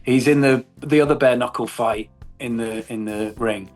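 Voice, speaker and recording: A man's voice: mid-range voice, fairly even intonation, moderate pace, soft background music. A middle-aged man in a casual interview, telling stories with animation, swearing and laughing often. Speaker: actor guest.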